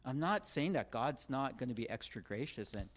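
A man's voice: mid-range voice, animated, normal speed, a little hiss or hum. A man preaching a sermon in an earnest, conversational way, often restarting his words, then leading the congregation in prayer.

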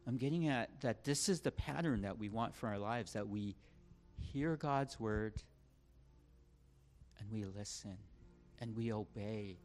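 A man's voice: fairly low pitch, a little slow, long pauses, darkish tone, soft background music. A man preaching a sermon in an earnest, conversational way, often restarting his words, then leading the congregation in prayer.

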